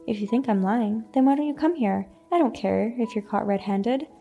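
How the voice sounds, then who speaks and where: Calm police officer wife, composed, mellow gravelly voice, read by a woman. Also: on the high side, normal speed, highs cut off, faint music behind. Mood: cool.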